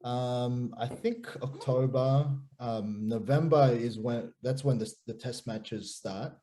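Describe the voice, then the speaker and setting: Animated Australian man telling stories. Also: medium pitch, slow. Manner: animated storyteller, repeats and restarts words. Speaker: pastor, podcast guest. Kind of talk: casual chat.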